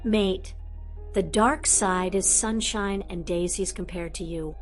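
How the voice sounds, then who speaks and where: Woman playing a loud-mouthed teen boy wizard, blunt, rude. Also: mid-range voice, slow pace, soft background music, natural voice. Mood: teasing.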